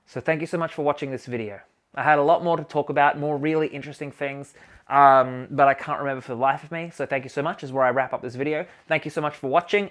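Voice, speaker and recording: Talking directly into the camera, this channel host and healing coach gives an informal self-help monologue on healing and growth. He speaks in a fairly high voice with emphatic animation and loose, profanity-laced wording, and his energy keeps climbing.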